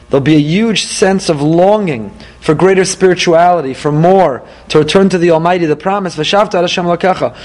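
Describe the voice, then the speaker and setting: A man, apparently middle-aged, leading a Torah class, lively and emphatic, reading Hebrew verses and paraphrasing them. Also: high-pitched. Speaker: rabbi teaching weekly Torah portion.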